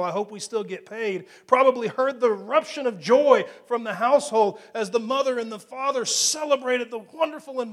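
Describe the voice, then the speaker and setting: High-voiced male preacher delivering a dramatic sermon, with emphatic builds and hushed, near-whispered quotes.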